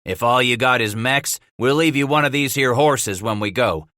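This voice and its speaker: A man's voice: mid-range voice, moderate pace, sharp tone, no room sound, clean studio sound, voice pushed up, lightly acted. A man voicing a commanding male trapper brigade leader who gives blunt orders.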